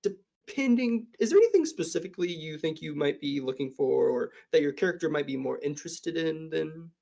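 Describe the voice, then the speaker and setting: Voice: medium pitch, expressive, a little fast, gravelly, mellow. A game master narrating a tabletop game, improvising with frequent fillers.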